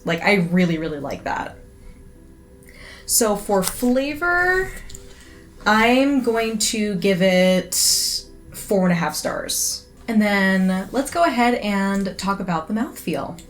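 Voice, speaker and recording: A woman's voice: medium pitch, animated, slow pace, faint music behind. A woman giving a chatty, enthusiastic casual review, with many fillers. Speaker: absinthe reviewer.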